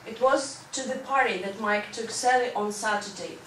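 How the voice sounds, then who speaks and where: A woman's voice: on the high side, moderate pace. A woman teaching an English grammar lesson to a class, explaining step by step and checking in with "right?". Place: school classroom. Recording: echoey classroom from far off with background noise.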